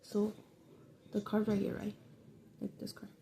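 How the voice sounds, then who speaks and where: A woman's voice: mid-range voice, completely flat delivery, a little slow, gravelly, warm tone. A young woman telling a rambling, slangy, profane story in a casual vlog. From New York City. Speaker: vlogger.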